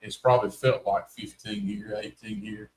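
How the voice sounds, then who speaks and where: A man's voice: fairly low pitch, big pitch swings, normal speed, creaky. A man with a North Carolina accent, co-hosting a casual live stream in a chatty, folksy, teasing way. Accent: Southern US, North Carolina. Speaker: co-host of paranormal live stream.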